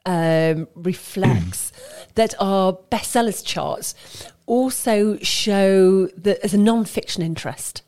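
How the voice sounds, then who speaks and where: A woman guest on a talk show, briskly informative in casual chat. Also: medium pitch, lively intonation, darkish tone. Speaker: book industry guest.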